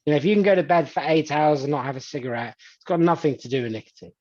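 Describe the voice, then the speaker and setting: A man's voice: fairly high pitch, racing, darkish tone, lo-fi sound. A man talking casually as an interview guest, full of "you know" fillers and restarts. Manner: chatty, many "you know" fillers and restarts, acts out quoted voices. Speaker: hypnotist guest. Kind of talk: conversational interview answers.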